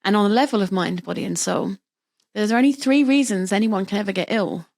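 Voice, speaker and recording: A middle-aged woman, a birth practitioner, talking casually as an interview guest and explaining with lively, vivid examples. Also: mid-range voice, brisk, gravelly.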